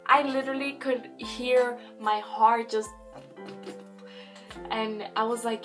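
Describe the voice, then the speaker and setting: A young woman from Chicago recounts a story to her camera in a casual vlog. Her voice sits a little high, and she is excitable and giggly, acting out quotes as she goes. Soft music plays faintly behind her. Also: measured pace, long pauses. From Chicago area. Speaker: vlogger.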